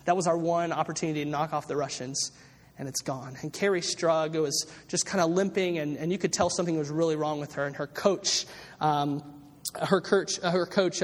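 A man with a high voice preaches a sermon, telling a long story with plenty of ums and restarts. His voice rings out with a long hall reverb around it. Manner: storytelling with many fillers and restarts. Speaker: pastor.

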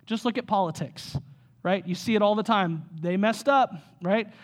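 A man in his thirties, a pastor, preaching a sermon in an energetic, conversational way with rhetorical questions. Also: high-pitched, normal speed.

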